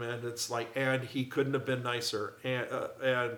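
A man in casual chat, telling anecdotes in an animated way. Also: medium pitch, moderate pace. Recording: echoey room.

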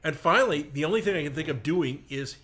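A man's voice: fairly high pitch, expressive, quick pace, crowd noise. A man telling a long, rambling personal anecdote in a casual, self-mocking way. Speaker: storyteller. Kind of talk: casual storytelling on a comedy talk show.

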